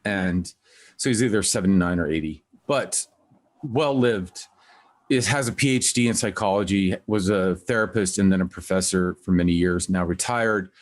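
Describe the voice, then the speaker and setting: A man hosting a music podcast, talking in a casual, rambling way and acting out quotes with lively voices. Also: deep voice, normal speed. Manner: rambling, animated when quoting others. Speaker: podcast host. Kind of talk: casual conversational interview.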